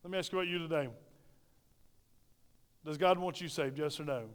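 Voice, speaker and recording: Brisk and clear, with a resonant, slightly high tone, a middle-aged pastor speaks into a handheld mic in a church sanctuary, where a long reverb tail follows his words. His preaching mixes storytelling, repetition, and questions to the congregation.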